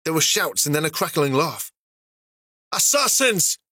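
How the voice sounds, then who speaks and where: A man narrating a fantasy story as an audiobook, steady and even. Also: on the high side, a little fast, dry recording, studio quality.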